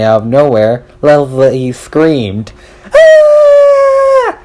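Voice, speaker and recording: A male narrator reads a children's storybook, taking his time over every sentence. His pitch sits in the middle of the range, and the telling stays deliberate and measured. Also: darkish tone. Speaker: audiobook reader.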